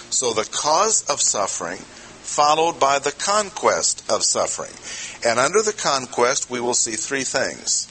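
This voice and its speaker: A man's voice: mid-range voice, big pitch swings, unhurried, pushed and bright, slight background noise, low-quality recording. A man preaching an expository sermon, talking conversationally and putting questions to the congregation. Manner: conversational, asks the audience questions. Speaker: pastor.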